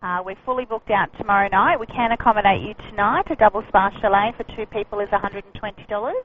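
Woman, receptionist on phone, fast, polite, brisk, dull lo-fi line. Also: medium pitch. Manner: brisk, polite customer service. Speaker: receptionist taking a call. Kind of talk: phone call. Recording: lo-fi phone call with faint noise.

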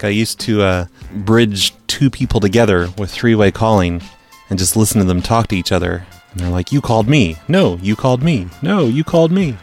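A man hosting a podcast in loose, casual banter. His voice sits fairly low, and his delivery stays dry and sarcastic, with faint music underneath. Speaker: podcast host.

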